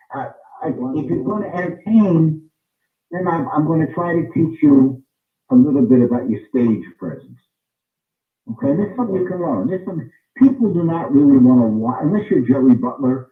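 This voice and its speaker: Recorded far from the mic, a man with a mid-range voice explains in an interview what he looks for in singers. He speaks emphatically and repeats his points for stress. The audio sounds tinny and phone-like, roomy and off-mic.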